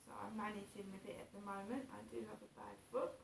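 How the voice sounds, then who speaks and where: A woman's voice: mid-range voice, fairly even intonation, fast, vocal fry, slight background noise. A middle-aged woman chatting casually in a morning vlog from her home, rambling and repeating herself. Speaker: vlogger. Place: home, indoors. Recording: roomy, distant mic.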